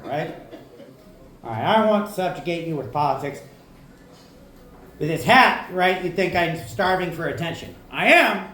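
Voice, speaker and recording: A man's voice: high-pitched, fairly bright tone, slight background noise. A man doing a stand-up set in a comedy club, talking casually and profanely, often asking "right?". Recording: echoey club room.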